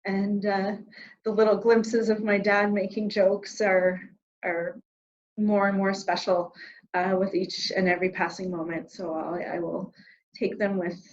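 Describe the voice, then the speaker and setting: A woman from Canada, an interview guest, telling a personal story in a heartfelt, reflective way, pausing and restarting as she goes. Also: medium pitch, level tone, muffled recording.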